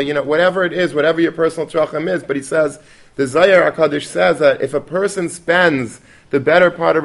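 Man teaching a casual Torah class. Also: on the high side. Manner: conversational, peppered with Yiddish and Hebrew terms, many restarts.

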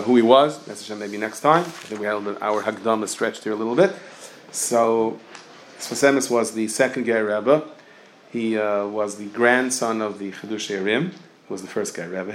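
A man's voice: fairly low pitch, slight background noise. A man teaching an informal Torah class, telling stories and jokes and sprinkling in Hebrew and Yiddish terms. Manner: lively storytelling, mixes Yiddish and Hebrew terms.

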